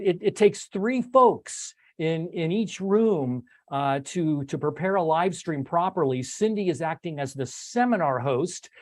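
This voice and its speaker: An older man hosts a relaxed talk with a slightly high voice, rambling and restarting his sentences with plenty of fillers. The sound is dry and close, with no room behind him. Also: no echo. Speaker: host. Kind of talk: casual recap talk on a video stream.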